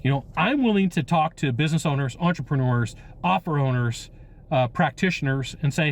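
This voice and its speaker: A man's voice: a little high, lively intonation, a little fast. An American man hosting a sales training show, talking in an upbeat, emphatic way while outdoors on a windy coast. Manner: upbeat, emphatic, playful repetition. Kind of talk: energetic outdoor sales talk.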